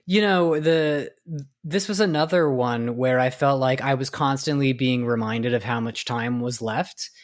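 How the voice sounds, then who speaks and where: Man, podcast co-host, casual storytelling, rambling with fillers, medium pitch. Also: unhurried. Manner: rambling, many fillers and restarts while recounting. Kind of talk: casual chat.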